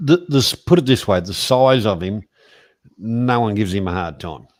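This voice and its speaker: A man's voice: fairly low pitch, lively intonation, moderate pace. Rambling, irreverent Australian man. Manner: rambling storyteller, irreverent, swears. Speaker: host. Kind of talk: casual chat.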